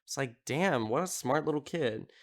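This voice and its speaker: A man's voice: mid-range voice, expressive, moderate pace. A man hosting a podcast, casually recapping a horror film in a rambling, amused way, with lots of filler words. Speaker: podcast host.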